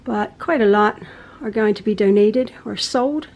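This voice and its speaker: A middle-aged woman who hosts a quilting channel, chatting casually and rambling through her home with soft sighs and laughs. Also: mid-range voice, unhurried, dull audio. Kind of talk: casual vlog chat. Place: home, indoors.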